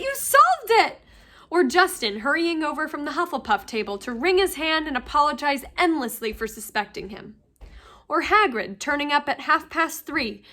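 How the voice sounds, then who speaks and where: A teacher reading a novel aloud to her class, with steady, expressive storytelling. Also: high voice.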